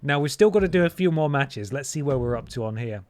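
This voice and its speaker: A man's voice: mid-range voice, animated, fast, a little mellow. A man, streaming a wrestling game and doing playful mock-announcer commentary with jokey asides. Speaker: gaming streamer.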